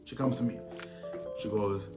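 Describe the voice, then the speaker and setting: A young South African man telling a personal story to camera in a casual, animated way, heavy on slang and repeated phrases. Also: fairly low pitch, normal speed. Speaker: storytelling vlogger. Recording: roomy echo with faint music.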